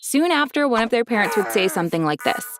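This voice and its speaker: A woman's voice: on the high side, expressive, fast talker, over music. A woman narrating a first-person storytime in a chatty way.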